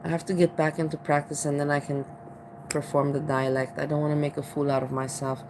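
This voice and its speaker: A woman's voice: low-pitched, steady tone, brisk, a little mellow, slight background noise, poor audio. A woman from Austria with an Austrian accent, chatting casually in a vlog and rambling with many restarts and repeated "you know.". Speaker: vlogger. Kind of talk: casual chat.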